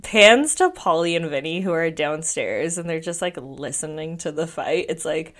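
A woman's voice: sits low, expressive, normal speed, fairly bright tone. A young woman hosting a podcast, recapping scenes in a snarky, casual way with lots of fillers. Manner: snarky, filler-heavy storytelling. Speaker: podcast host.

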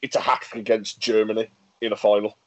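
An English co-host with a voice on the low side talks fast in a casual podcast chat. He's animated, reads facts aloud, and keeps restarting and laughing, all in a dry, muffled recording.

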